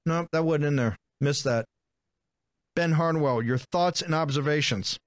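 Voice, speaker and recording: A man's voice: fairly high pitch, measured pace, dry recording. A man hosting a political talk show, delivering a combative, sarcastic monologue that hammers phrases over and over.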